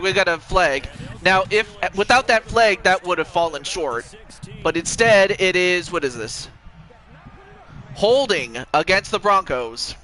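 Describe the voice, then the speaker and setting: A man doing casual play-by-play commentary on a video game football match, excitable and rambling, with quick exclamations. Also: high-pitched, low-quality recording. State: has the hiccups.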